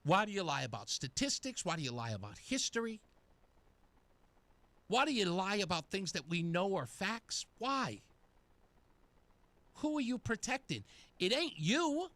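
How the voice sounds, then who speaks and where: A man's voice: high-pitched, big pitch swings, moderate pace, long pauses, pushed and bright, no echo. A male talk radio host delivering a taunting, sarcastic monologue.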